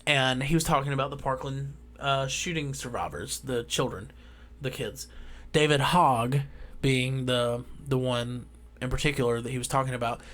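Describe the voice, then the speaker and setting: A man with a drawl delivering a heated, profane ranting monologue as a vlogger, swinging between loud outbursts and quiet asides. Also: mid-range voice, steady tone, moderate pace.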